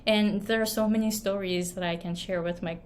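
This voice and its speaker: A Japanese-accented woman, an online business and pronunciation coach, shares advice to camera in a chatty storytelling style full of fillers and tag questions. She talks briskly in a steady, medium-pitched tone, with slight background noise.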